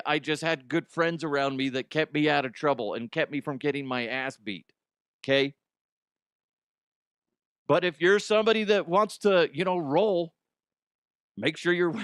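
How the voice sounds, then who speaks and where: Man, middle-aged, comedy news host, animated and jokey, a bit high-pitched, dry close sound. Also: dry recording. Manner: animated, jokey, swears freely.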